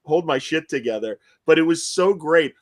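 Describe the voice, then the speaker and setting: A man with a slightly high voice hosts a podcast in a casual, chatty style. He tells his stories with animation and feeling, warm and personal in delivery. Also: normal speed. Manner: animated, emotional storytelling. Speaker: podcast host interviewing comic creators. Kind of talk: casual chat.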